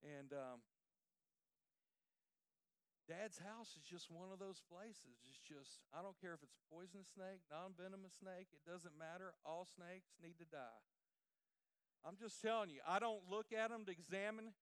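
A man preaching a sermon through folksy, emphatic, animated stories. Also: sits high, unhurried, smooth, no room sound. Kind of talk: storytelling sermon.

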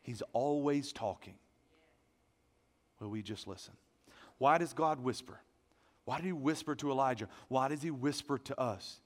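A pastor preaching a sermon, animated, moving between loud emphasis and hushed asides. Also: male voice, medium pitch, moderate pace, pauses often, in a large hall.

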